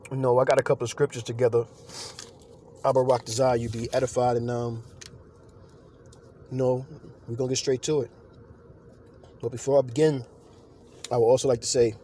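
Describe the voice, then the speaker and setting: A man's voice: medium pitch, warm tone, slight background noise. A man giving an informal scripture lesson, talking loosely with fillers and turning emphatic when he preaches. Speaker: religious teacher.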